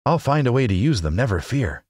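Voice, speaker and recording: A man voicing a cheerful, earnest male scarecrow in a high storybook voice. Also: big pitch swings, fairly quick, a little mellow, no room sound, clean studio sound. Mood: eager. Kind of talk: audiobook character reading.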